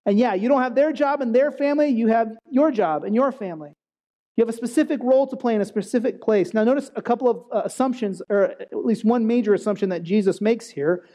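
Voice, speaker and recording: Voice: mid-range voice, fast, warm tone. A preacher giving a conversational sermon who often checks in with the listeners by asking "right?" and acts out quoted speech with animation. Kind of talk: conversational sermon on a Bible passage.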